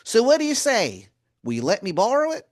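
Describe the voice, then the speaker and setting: A man's voice: very high voice, wildly swooping pitch, fairly quick, voice pushed up, heavily acted. A man voicing a pushy male wizard in a robe, wheedling and calling everyone hun. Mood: pleading.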